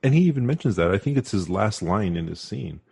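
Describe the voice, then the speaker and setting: Low gravelly-voiced podcast man. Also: expressive, fairly quick, warm tone, dry recording, clean studio sound. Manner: hesitant, many fillers and restarts. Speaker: podcast co-host. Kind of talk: casual film discussion.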